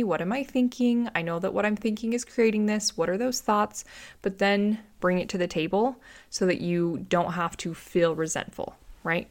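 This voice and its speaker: Female relationship coach, 30s, solo podcast host, mid-pitched, animated, acts out quoted dialogue.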